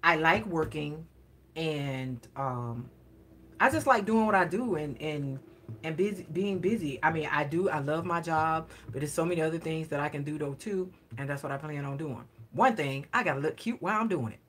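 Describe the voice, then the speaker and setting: A woman's voice: sits low, animated, moderate pace, fairly bright tone, breathy edge. A woman, telling stories in a casual, playful chat for her vlog and swearing lightly in a slangy way. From Atlanta, US South. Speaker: vlogger.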